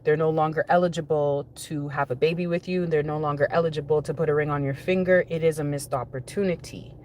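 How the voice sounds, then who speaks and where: Woman doing a spiritual reading, lowish voice, rambles and repeats herself a lot. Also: fairly even intonation, quick pace, a little mellow, a little hiss or hum. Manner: rambling, conversational, repeats phrases for emphasis. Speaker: spiritual reader.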